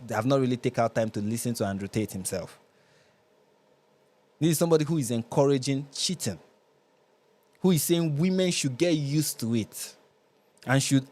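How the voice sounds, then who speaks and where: A man's voice: medium pitch, a little mellow. A Nigerian man hosting a live reaction show, commenting with sarcasm and exasperation.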